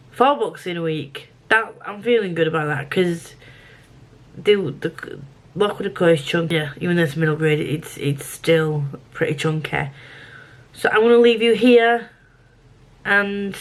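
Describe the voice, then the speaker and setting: A young woman who vlogs about books, chatting casually and thinking aloud as she rambles through her reading week. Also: on the low side. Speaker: book vlogger. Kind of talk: casual reading vlog chat.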